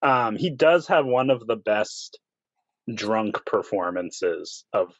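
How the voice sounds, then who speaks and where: A man's voice: on the low side, animated, slow pace, a bit bright, no room sound. A man co-hosting a podcast, giving casual opinions about acting in old films. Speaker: podcast co-host. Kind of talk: casual film discussion. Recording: dry, dull lo-fi sound.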